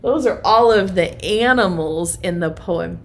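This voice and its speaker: A woman's voice: fairly low pitch, measured pace, faint music behind. A woman, a preschool teacher, leading an online circle time and reading a rhyming picture book to small children in a sing-song voice.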